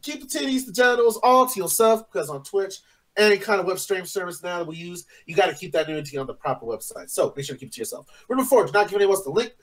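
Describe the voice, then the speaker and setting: A man's voice: high voice, lively intonation, racing, a bit bright. A man co-hosting a casual gaming podcast, brash and slangy as he runs through the show's rules. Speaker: podcast co-host reading the rules.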